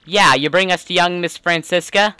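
A man's voice: high voice, normal speed, sharp tone, clear, resonant tone, no echo. Man doing a slangy mob henchman. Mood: coaxing. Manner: tough-guy gangster slang. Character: gruff male mobster henchman of a tropical gang.

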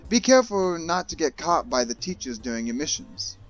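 A man giving casual let's-play commentary, excitable, yelling and swearing at characters in the game. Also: a little high, a little fast, soft background music. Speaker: gaming YouTuber.

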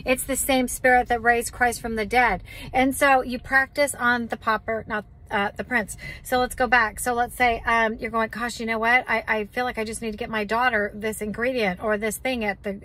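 A woman's voice: fairly high pitch, pushed and bright, low-quality recording. A woman giving a casual spoken teaching on hearing God, chatty and loose with fillers and restarts. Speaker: Christian teacher on prophecy.

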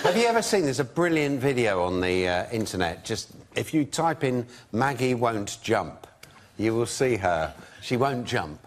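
Dry self-deprecating comedian. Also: male voice, mid-range voice, very animated, moderate pace, a little hiss or hum. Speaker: comedian guest. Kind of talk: chat-show talk.

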